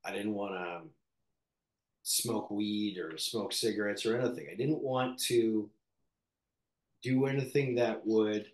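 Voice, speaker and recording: A man from Canada, an actor, speaking candidly in an interview in a reflective, halting way with many fillers and restarts. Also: on the low side, steady tone, roomy sound.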